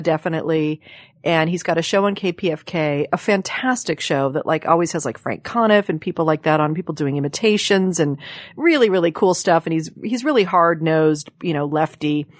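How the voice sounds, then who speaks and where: Brief: woman talk-show host, slightly low voice, dry close mic, loose and chatty. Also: dry recording. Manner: chatty, plugs shows, swears playfully. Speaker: podcast host. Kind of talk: casual chat. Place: studio room with guests.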